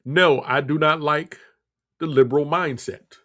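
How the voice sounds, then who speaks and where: He hosts a radio talk show, scolding bluntly about politics and circling back to the same points again and again. His voice runs high, steady, and a bit bright, and he doesn't hurry.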